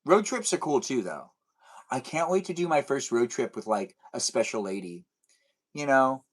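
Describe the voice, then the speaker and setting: A man's voice: medium pitch, very animated, normal speed, rough recording. A man on a live stream, talking loosely and playfully to the people watching. He wanders from thought to thought and slips into goofy little back-and-forth scenes. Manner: rambling, playful, acts out silly imagined dialogues. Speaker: livestreamer. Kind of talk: casual live-stream chat with viewers.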